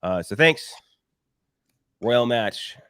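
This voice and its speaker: A man co-hosting a movie podcast, with a deadpan fake ad read that turns into relaxed, opinionated chat. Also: mid-range voice, extremely slow, clear, resonant tone, dry recording, clean studio sound. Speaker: podcast co-host.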